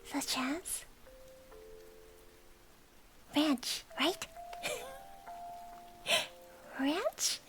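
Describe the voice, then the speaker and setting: A high-voiced woman whispers slowly and playfully in a conversational ASMR stream, giggling and teasing as she goes. Soft tinkling music plays clearly behind her. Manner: drifts between soft whispers and short voiced bits. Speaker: VTuber streamer.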